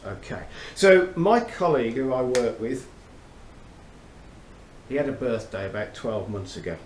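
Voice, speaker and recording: A man's voice: medium pitch, darkish tone. A middle-aged man reviewing fragrances in a chummy, chatty, storytelling way. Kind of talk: casual chat to camera. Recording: roomy echo, faint background noise.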